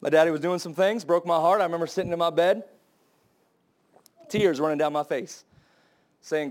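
A young adult man preaching a sermon to his church, impassioned and building to high, emphatic cries. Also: moderate pace, pauses often. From United States.

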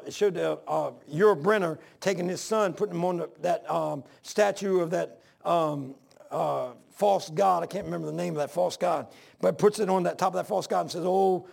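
A man's voice: high voice, vocal fry, a little mellow. A man preaching a sermon, rambling between scripture readings and asides.

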